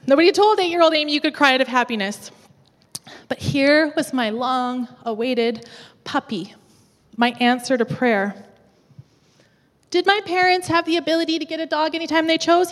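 A woman from the west coast of Canada, preaching a sermon in a church with lively, humorous storytelling. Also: high-pitched, fairly quick, long reverb tail. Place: church auditorium.

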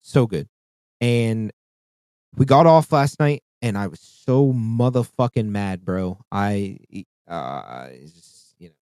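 A man's voice: fairly low pitch, expressive, takes it slowly, dark tone, smooth, no room sound, studio quality. A man co-hosting a casual podcast chat, talking in a profane, rambling way with frequent restarts. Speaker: podcast co-host.

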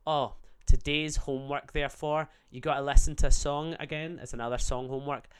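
A man's voice: on the high side, fairly even intonation, a little fast, clear, resonant tone. Guy hosting a podcast, swears a lot, rambly and jokey. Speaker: podcast host. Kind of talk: casual podcast chat.

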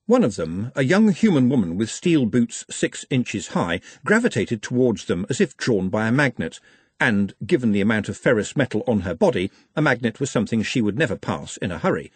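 A man narrates an audiobook with a wry, animated delivery and a lively rise and fall. His voice has a husky edge, recorded dry and close with no room sound. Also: mid-range voice, a little fast, no room sound.

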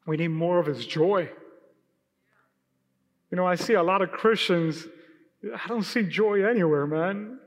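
Animated high-voiced preacher in a hall. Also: male voice, measured pace, pauses often. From Hispanic heritage, Spanish speaker. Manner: casual, animated preaching with acted-out quotes. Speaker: pastor. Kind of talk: sermon. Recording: live church hall with reverb and faint music.

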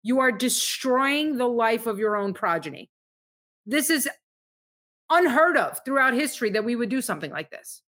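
A woman from Montenegro talks in a casual podcast chat, emphatic and earnest as she tells stories. Her voice sits high and sounds bright and clear. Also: animated, normal speed. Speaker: guest comedian.

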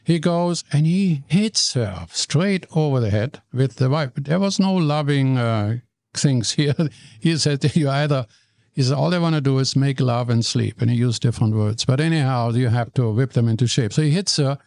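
Animated older man. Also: medium pitch, moderate pace, creaky, dry recording. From Germany. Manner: animated storyteller, stumbles and repeats words. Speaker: guest. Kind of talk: storytelling in conversation.

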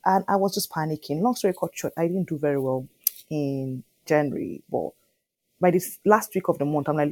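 A woman in her thirties speaks as an interview guest with a fairly low voice. She tells her story with lively energy and keeps checking in with "do you understand?". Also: quick pace. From Nigeria. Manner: animated storyteller, often asking "do you understand?". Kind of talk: conversational interview.

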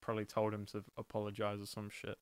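A man's voice: lowish voice, completely flat delivery, quick pace, clean tone, dry recording. A young man who is a guest on a podcast, chatting in a laid-back, jokey way and swearing casually. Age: young adult. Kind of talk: casual chat.

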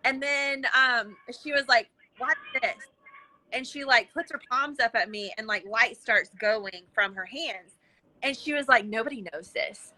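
A woman with a fairly high, very bright and clear voice, chatting as a podcast guest. She tells her stories with lively energy, slipping into the voices of the people she quotes. Her talk is loose and full of casual fillers. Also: measured pace, rough recording. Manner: lively, acts out quoted dialogue with many fillers. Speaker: interview guest, intuitive coach. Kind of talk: animated conversational storytelling.

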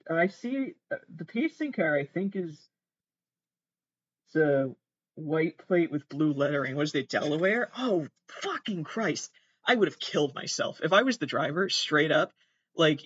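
A fairly high-voiced man reacts to videos in casual commentary, worked up and swearing freely. The sound is dry and a little dull, like a lo-fi home setup. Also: slightly rough, no room sound. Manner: agitated, swearing, exclaiming in alarm. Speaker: podcast host.

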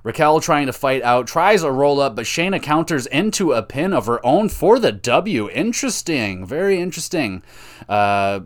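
A man's voice: mid-range voice, big pitch swings, normal speed. A man hosting a podcast, casually recapping a wrestling show on his own, chatty and swearing, cheering for his favorite wrestlers.

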